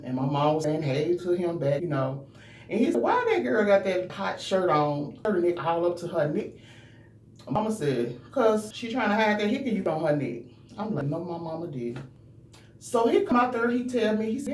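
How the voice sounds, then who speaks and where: A woman's voice: fairly low pitch, a little mellow, far from the mic. A woman vlogger, telling a personal story earnestly and talking straight to her viewers. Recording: roomy, from off the mic, faint hum.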